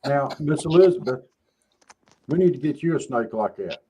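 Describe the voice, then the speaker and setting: A man's voice: medium pitch, expressive, normal speed, dark tone, breathy edge, highs cut off. A man hosting a studio talk show, joking with guests and reading out audience questions. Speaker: host. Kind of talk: casual talk show banter.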